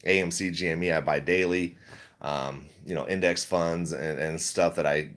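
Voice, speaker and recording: A man's voice: low-pitched, steady tone, moderate pace, a bit bright. A middle-aged man chatting casually on a livestream, rambling and laid-back, laughing often as he talks. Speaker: stock vlogger.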